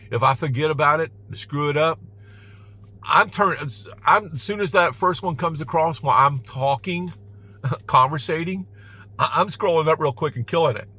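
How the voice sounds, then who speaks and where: A man's voice: on the high side, sharp tone. A man giving casual advice in his car, emphatic and chuckling, repeating "all right?" to drive his points home.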